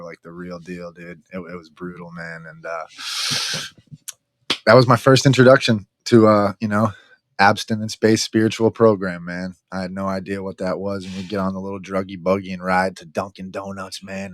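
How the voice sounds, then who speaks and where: Man, very low voice, dry close sound, blunt and profane, keeps saying "man". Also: fairly bright tone, no echo. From Massachusetts, near Boston. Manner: frank, profane, says "man" after almost every phrase. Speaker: guest in recovery. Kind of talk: casual conversational storytelling.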